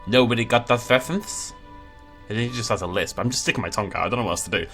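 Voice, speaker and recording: A man's voice: fairly low pitch, racing, a bit bright, faint music behind. A man doing a comic game playthrough, playfully jumping between silly character voices and mocking himself. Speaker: gameplay commentator voicing characters.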